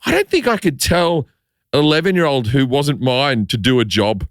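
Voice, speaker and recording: A man's voice: mid-range voice, moderate pace, dry recording, clean studio sound. A middle-aged Australian man with an Australian accent, a comedian telling stories in casual podcast chat and swearing freely. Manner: animated storytelling, swears freely. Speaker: comedian guest.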